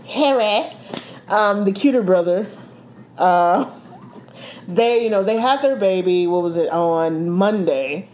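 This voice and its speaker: A woman's voice: fairly low pitch, unhurried, darkish tone, slight background noise. A woman co-hosting a casual chat, playful and giggly, stretching out her words.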